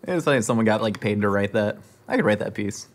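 With a lowish voice, the man talks fast and animatedly, though he is described as in the middle of his range. He hosts a scripted comedy monologue to camera, meandering through awkward dinner-table small talk with fillers, restarts, and shifting topics, and no recording fault is noted.

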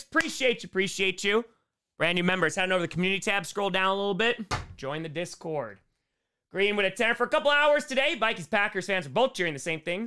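A young man live-streaming a football game, calling the plays and reading out viewer messages, excitable and loud at big moments. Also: high voice, smooth. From United States. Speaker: sports streamer and comedian. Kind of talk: live play-by-play and chat reading.

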